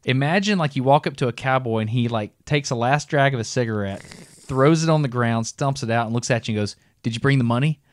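A middle-aged man co-hosting a podcast, telling a long story in a casual, animated way and breaking into laughs as he goes. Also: mid-range voice, a little fast. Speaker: podcast co-host.

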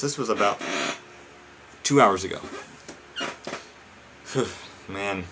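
A man with a low voice vents to his viewers in a casual, exasperated ranting style. He swears freely and keeps throwing in "man" and "guys". A faint hum of room ambience sits behind him. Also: takes it slowly, long pauses. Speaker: vlogger.

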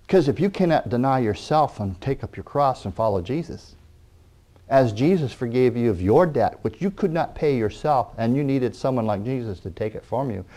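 A middle-aged man preaching a sermon, animated, acting out the people in his stories. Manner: animated, acting out quoted people in raised pitch.

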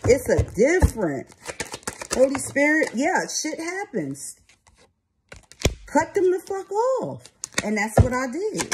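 A woman's voice: a little high, noisy background. A woman giving a casual tarot reading to her viewers, talking bluntly and swearing freely. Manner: blunt, profane, streetwise talk. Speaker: tarot reader.

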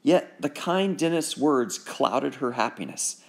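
A man reading a children's book aloud in an expressive, animated narration. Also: mid-range voice, slow, vocal fry, hardly any pauses. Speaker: audiobook narrator.

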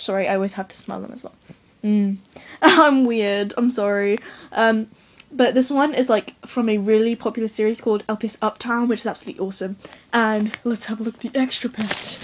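A teenage girl gushing and squealing with excitement as she opens a package of toys. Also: fairly high pitch, moderate pace, background noise. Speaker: toy collector vlogger. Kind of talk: excited unboxing vlog.

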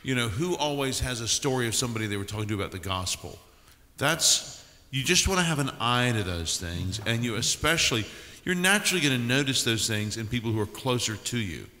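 Calm bright-voiced man in a hall. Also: medium pitch, brisk, few pauses. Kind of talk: panel discussion. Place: large conference hall. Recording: reverberant conference hall.

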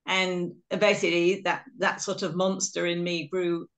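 A woman's voice: lowish voice, flat delivery, unhurried. Chatty English-born woman giving a talk. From England. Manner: chatty, self-deprecating storytelling. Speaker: guest speaker. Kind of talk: webinar talk with slides.

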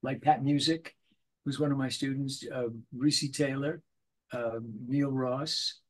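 Husky older man telling showbiz stories. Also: mid-range voice, slow. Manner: animated storyteller, acts out little voices in anecdotes. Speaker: voice actor guest. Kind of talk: casual interview.

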